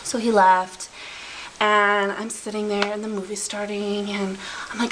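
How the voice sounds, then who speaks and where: A woman's voice: medium pitch, moderate pace, a bit bright, a little hiss or hum, low-quality recording. A woman telling a comedic story to camera, rambling, interrupting herself and giggling as she loses track. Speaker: vlogger.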